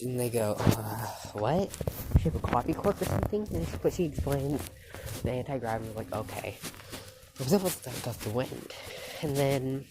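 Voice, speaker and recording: A woman telling an improvised fan story in a halting, loose way, with quick quoted lines. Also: rumbling low, very noisy.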